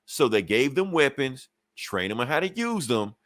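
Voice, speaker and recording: A man's voice: mid-range voice, sing-song, normal speed, fairly bright tone, dry recording. A man reviewing a comic book in a casual, profane way, chuckling between points as he retells the story.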